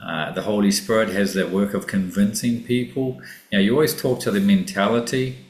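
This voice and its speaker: Low-voiced man teaching Greek, echoey. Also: steady tone. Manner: unhurried, thinking aloud, many ums and self-corrections. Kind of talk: casual classroom lesson. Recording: echoey room.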